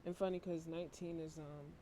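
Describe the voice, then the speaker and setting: A worn-out man giving a casual tarot reading to camera, talking in a flat, low-energy monotone and swearing casually. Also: a little fast, slight background noise. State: emotionally worn out. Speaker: tarot reader.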